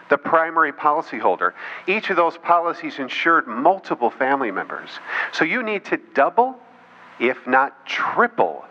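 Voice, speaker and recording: A man's voice: a little high, bright, forceful tone. A man giving a speech to an audience, telling a story with mocking asides and quoted voices. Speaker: political speaker. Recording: dull lo-fi recording with faint noise.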